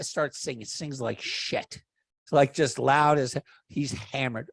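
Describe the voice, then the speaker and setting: Animated swearing man telling a story. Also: mid-range voice, measured pace, creaky, slightly rough, no room sound, clean studio sound. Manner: animated, swears freely, acts out quotes loudly. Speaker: podcast storyteller. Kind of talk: casual storytelling chat.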